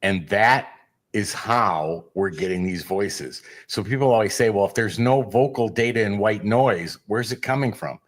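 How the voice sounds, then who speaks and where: A man as a guest researcher, explaining at length in a measured, lecturing way. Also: lowish voice. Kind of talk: explanatory interview talk.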